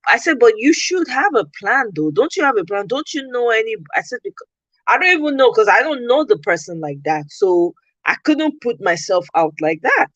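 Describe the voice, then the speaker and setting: A woman's voice: on the high side, moderate pace, no room sound, muffled recording. A Nigerian woman hosting a casual talk, telling a story with animation and acting out what she said. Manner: animated storytelling, acts out her own quoted replies. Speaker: podcast host. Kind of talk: casual chat.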